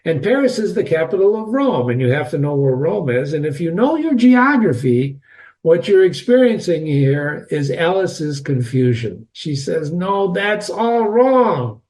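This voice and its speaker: A man's voice: a little high, sing-song, normal speed, darkish tone. A man giving a reading lesson on a novel, talking straight to his listeners in a chatty, emphatic way. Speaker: literature teacher.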